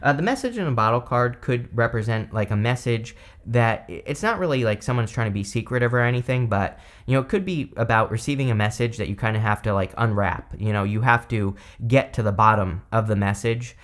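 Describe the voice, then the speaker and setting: A man talks his way through a tarot spread in a loose, chatty manner, full of filler words. His voice sits at an ordinary middle pitch, and he has the hiccups. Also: expressive, a little fast, hardly any pauses. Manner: chatty, rambling, many fillers. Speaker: tarot reader. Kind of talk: casual tarot reading.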